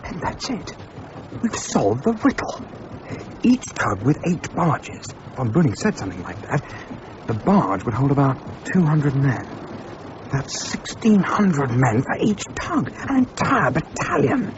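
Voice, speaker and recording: A clipped, commanding English adventurer leads this radio drama with a lively, swinging pitch. The recording sounds dull, with steady noise underneath. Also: male voice, measured pace. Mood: urgent. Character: English gentleman adventurer narrating his tale. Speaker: narrator and lead character.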